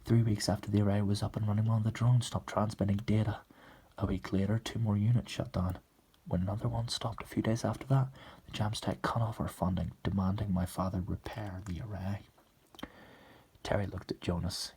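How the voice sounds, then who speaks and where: Low husky guy reading a story, gravelly, soft whispered role-play asmr. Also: level tone, fairly quick.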